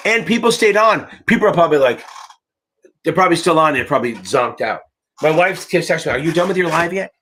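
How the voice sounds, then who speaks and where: Middle-aged man, exam-tutor host, sharp and bright tone, slightly high voice, casual, salty, rambling. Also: animated, brisk, slight background noise. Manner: rambling, profane, jokey. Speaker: exam tutor hosting a live Q&A. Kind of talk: casual livestream chat.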